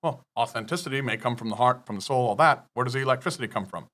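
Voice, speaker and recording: A man's voice: mid-range voice, racing, fairly bright tone. A man guest on a business podcast, lecturing emphatically through numbered points with frequent swearing. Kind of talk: podcast interview.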